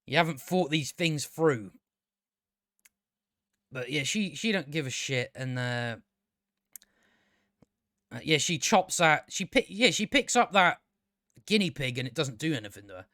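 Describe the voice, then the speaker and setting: A man rants through a casual review in a slightly high voice. He swears often and keeps stumbling into restarts. The sound is dry and close, with no room around it. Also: sing-song, normal speed, pauses often, sharp tone, no echo. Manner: sweary, exasperated, stammering restarts. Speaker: show reviewer. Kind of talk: casual ranting review commentary.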